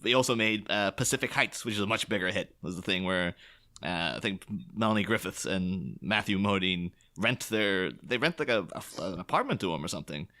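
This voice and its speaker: Male podcast host, casual movie chat, crisp forward tone, laughs as he rambles. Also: low-pitched, a little fast. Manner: rambling, chuckling often, animated.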